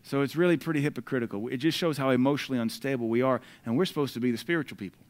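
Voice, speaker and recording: A man with an American accent preaching a sermon, reading scripture aloud with loud emphatic bursts and dropping into conversational asides between the verses. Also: medium pitch, rapid-fire.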